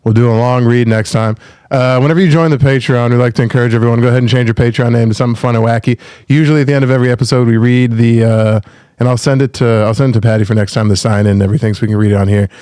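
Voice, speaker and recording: A man's voice: medium pitch, fairly even intonation, rapid-fire, a little mellow, no room sound, clean studio sound. A man co-hosting a podcast with rambling, wisecracking, profane chat. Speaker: podcast co-host.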